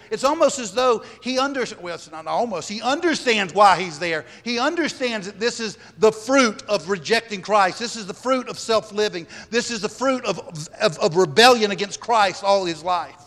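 A man delivers a sermon with a high-pitched voice, pressing each point and circling back on his phrases. His words ring out with the long reverb of a large hall. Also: a bit bright. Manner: emphatic, repeats phrases. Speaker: preacher.

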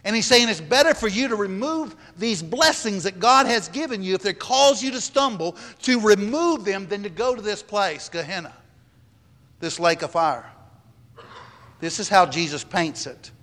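A man delivers a sermon with a high-pitched voice, pressing each point and circling back on his phrases. His words ring out with the long reverb of a large hall. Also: lively intonation, moderate pace, bright, forceful tone. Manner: emphatic, repeats phrases. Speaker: preacher.

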